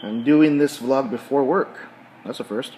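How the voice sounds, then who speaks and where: A middle-aged man tells a story in a casual vlog, chewing his food as he talks. He often repeats words and backs up to restart his phrases. His pitch sits at an ordinary middle level for a man, with a faint hum of noise behind him. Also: a little slow, a little mellow, low-quality recording. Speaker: vlogger.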